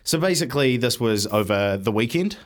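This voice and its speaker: A man with a New Zealand accent, from Wellington, telling a lively story on a radio show with frequent laughs. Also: mid-range voice, fairly quick. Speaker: radio station guest. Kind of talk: casual chat, storytelling.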